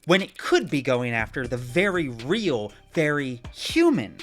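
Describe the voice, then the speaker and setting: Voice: mid-range voice, very animated, a little slow, fairly bright tone, faint music behind. A player voicing a confident lady defense attorney. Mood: earnest. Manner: assured, emphatic courtroom speech. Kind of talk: group voice-acting of a game.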